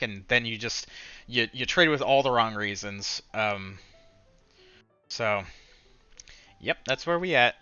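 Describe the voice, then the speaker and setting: A man's voice: mid-range voice, unhurried, pushed and bright, smooth, no room sound, dull audio. Frustrated man ranting about his trading day. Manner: frustrated, swearing, rambling with many restarts. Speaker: day trader recapping his session. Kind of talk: casual solo recap rant.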